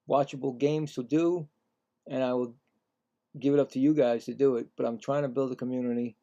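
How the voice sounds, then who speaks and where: A man streaming casual live play-by-play commentary, tired and yawning, chatting in rambling asides between calls. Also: medium pitch. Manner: livelier and louder on the calls.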